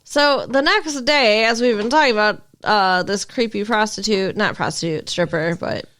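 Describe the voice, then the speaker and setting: A woman co-hosting a podcast, recapping a TV episode in casual chat and reacting with quick agreement and laughs. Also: medium pitch, a bit bright. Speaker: podcast co-host.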